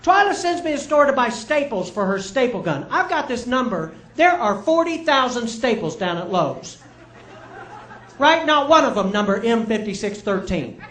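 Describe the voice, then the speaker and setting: A man's voice: very high-pitched, very animated, moderate pace, fairly bright tone. A middle-aged man doing live stand-up, telling chatty, self-mocking stories and checking in with the crowd. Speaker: stand-up comedian. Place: comedy club stage with live audience. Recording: roomy live club sound.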